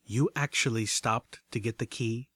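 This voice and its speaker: A man's voice: mid-range voice, steady tone, moderate pace, bright, forceful tone, slightly rough, dry recording. A man voicing a refined, gracious female pony singer with a prim, genteel manner in an audiobook reading.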